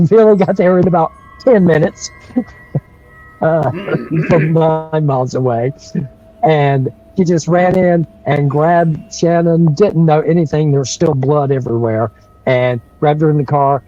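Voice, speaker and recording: A man's voice: fairly high pitch, warm tone, lo-fi sound. Rambling man in his sixties. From North Carolina. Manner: rambling, with restarts and chuckles. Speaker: guest storyteller. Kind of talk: casual storytelling on a livestream.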